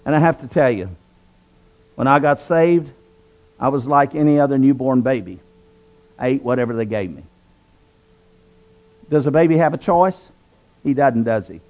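In a muffled recording, a mid-range male voice speaks at normal speed with long pauses. The man, a guest from southwestern Virginia, shares an earnest, preacherly account of his conversion and repeats phrases for emphasis.

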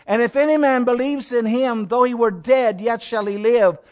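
A man preaching a sermon in a notably high voice. He talks dramatically and leans into repeated phrases that build one on another. He speaks straight to his listeners, calling each one "my friend". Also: normal speed.

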